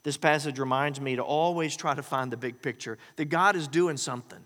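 A man preaching a sermon, folksy and joking, telling stories in an animated way. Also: mid-range voice, brisk, big-room sound. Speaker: pastor.

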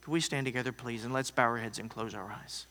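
A man preaching a sermon, telling a story that swings from loud to hushed. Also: medium pitch, quick pace, a little hiss or hum. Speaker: pastor. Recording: long hall reverb.

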